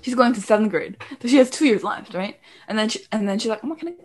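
A woman's voice: fairly high pitch, quick pace. A young woman co-hosting a podcast, telling a family story in casual chat and quoting relatives. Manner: chatty, lively quoting of family members. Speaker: podcast co-host.

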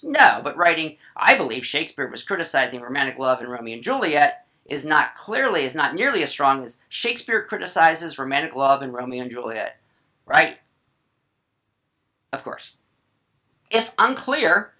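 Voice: mid-range voice, pushed and bright. A writing teacher giving a casual grammar lesson, chatty and full of asides, often checking in with "right?".

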